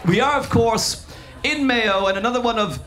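A man doing a comic impression of a boastful pop-band manager who talks giddily with quick asides. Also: very high voice, background noise. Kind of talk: stand-up impression.

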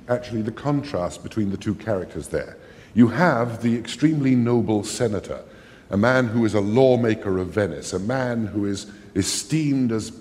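A man lecturing on a play, emphatic and animated, with dramatic readings of its lines. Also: fairly low pitch, slight background noise. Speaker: literature lecturer. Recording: long hall reverb.

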